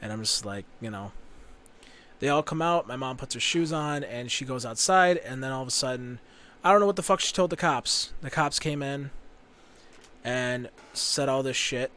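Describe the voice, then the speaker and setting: A man's voice: mid-range voice, moderate pace, pushed and bright. Profane man telling a blunt story. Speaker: podcast guest. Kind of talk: casual storytelling.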